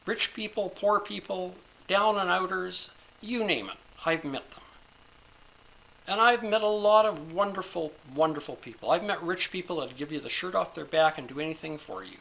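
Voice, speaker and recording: A man voicing a veteran police officer who lectures in a firm, measured way. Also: high voice, vocal fry, fairly bright tone, voice pushed up, poor audio. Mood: stern.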